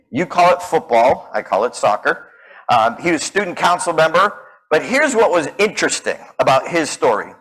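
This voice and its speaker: Male speaking coach, slightly high voice, animated storyteller who acts out his characters. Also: rough recording. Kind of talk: storytelling keynote talk.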